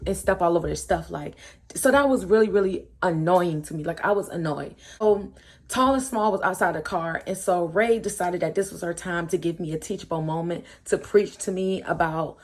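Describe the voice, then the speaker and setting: A young woman telling a storytime tale to her viewers in a casual, animated and exasperated way. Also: normal speed. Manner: animated, exasperated, acts out quotes with swings in pitch. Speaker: storytime vlogger.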